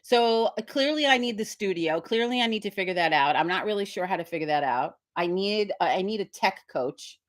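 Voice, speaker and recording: Fairly quick with few pauses, this medium-pitched woman sounds animated as she chats casually on her witch community livestream. Middle-aged, she rambles, curses, and voices the characters in her story.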